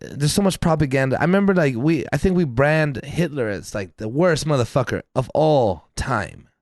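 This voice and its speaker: A man's voice: mid-range voice, expressive, normal speed, a little mellow, no echo. A man co-hosting a podcast, talking in an emphatic, profane rant full of casual slang. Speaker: podcast co-host. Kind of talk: casual chat.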